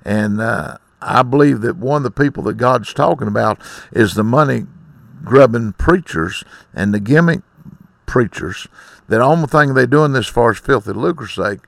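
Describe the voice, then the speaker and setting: A man's voice: medium pitch, moderate pace, vocal fry, no room sound, studio quality. A middle-aged man, preaching a blunt, scolding sermon in folksy speech.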